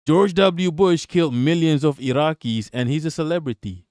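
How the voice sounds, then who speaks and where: A man's voice: a little high, moderate pace, a little mellow, no echo, clean studio sound. A man hosting a live stream, reacting to news and chatting with viewers in a profane, sarcastic way. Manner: profane, sarcastic, talks to chat. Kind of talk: casual live-stream commentary.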